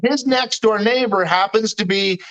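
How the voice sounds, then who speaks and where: A man with a notably high-pitched voice speaks in a loose, casual chat. He is candid and slangy, and he swears without holding back. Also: moderate pace, a bit bright, dull audio. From Canada. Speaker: guest. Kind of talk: casual chat recounting a dream.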